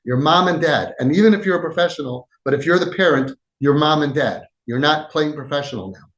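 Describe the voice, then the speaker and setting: Male podcast host, slightly high voice, emphatic advice talk, echoey room. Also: a little fast. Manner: emphatic, acts out quoted dialogue, swings between loud and soft.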